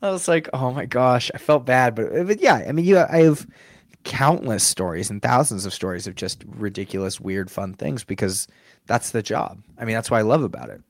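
A man's voice: fairly low pitch, moderate pace, dry recording. A man who performs as a sports mascot, telling stories in a casual interview, laughing often and acting out what people said. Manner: animated, laughs often, acts out quotes.

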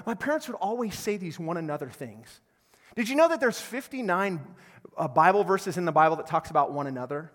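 A middle-aged male pastor preaching a sermon, energetic and call-and-response one moment, soft and earnest the next, recorded live in a large church hall. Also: sits high, brisk.

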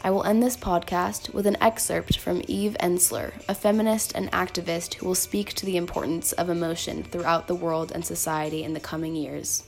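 Brief: woman podcast host, earnest scripted reading, lowish voice, soft music behind. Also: steady tone, moderate pace, gravelly, few pauses. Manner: earnest, read-aloud delivery. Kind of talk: scripted essay narration.

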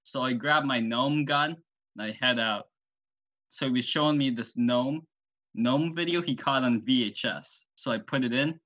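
Bright-voiced young man rambling a deadpan bit. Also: mid-range voice, normal speed. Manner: rambling, deadpan, self-interviewing. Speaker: solo podcast host. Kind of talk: absurd comedic storytelling.

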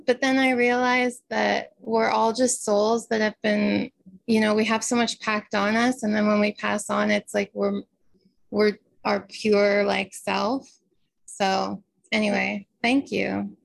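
Woman, gravelly fry, dry close sound, hesitant, searching, personal sharing. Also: medium pitch, no room sound. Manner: hesitant and searching, restarts her sentences. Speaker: community member asking a question. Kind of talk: personal sharing in a group session.

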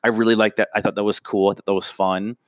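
Low-ish guy rambling on a podcast, lots of uhs and ums, dry close sound. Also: level tone, fast, no room sound. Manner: rambling, full of filler sounds and restarts. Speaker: podcast co-host. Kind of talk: casual chat.

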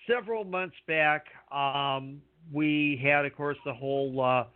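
A man hosting a wrestling podcast, chatting casually in a halting, rambling way with many fillers. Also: fairly high pitch, no room sound. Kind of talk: casual chat. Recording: dry tinny phone-like sound.

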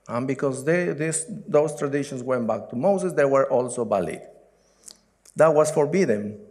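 A man from Latin America with a Spanish accent, preaching a sermon and reading scripture aloud slowly, with frequent restarts and fillers. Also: on the high side, darkish tone. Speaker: pastor.

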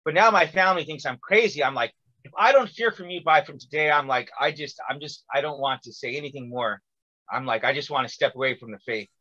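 Lively storytelling man, bright thin sound. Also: fairly high pitch, brisk, highs cut off. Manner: animated, acts out quotes with many fillers. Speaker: guest telling a personal story. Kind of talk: casual storytelling.

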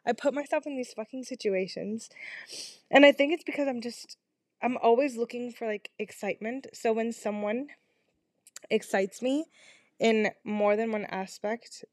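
A young woman talks into a small microphone in her bedroom, hosting a confessional podcast. Her voice sits a little high and the sound is dry and close, with no room around it. She rambles, mocks herself and swears, with plenty of ums and restarts. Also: a little mellow, no room sound. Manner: rambling, self-deprecating, swearing, frequent fillers. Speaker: podcast host. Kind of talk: casual confessional chat. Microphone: small home microphone.

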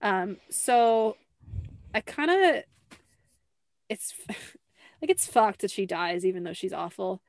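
A woman's voice: mid-range voice, animated, takes it slowly, pauses often, no echo. A young adult woman hosting a podcast, talking casually and acting out quotes with lots of fillers. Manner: chatty, fills with "like", acts out quotes. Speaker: podcast host. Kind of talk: casual chat.

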